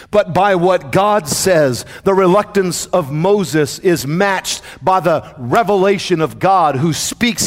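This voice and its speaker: A man's voice: sits high, in a large hall. A man preaching a sermon to his congregation, with a dramatic call-and-response cadence. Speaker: pastor.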